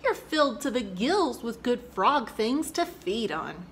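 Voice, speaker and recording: Woman doing a squeaky fussy storybook frog, picky eater, bright voice, big swoops in pitch. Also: sing-song, a little slow, slight background noise. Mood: pleading. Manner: theatrical, sing-song, raised pitch.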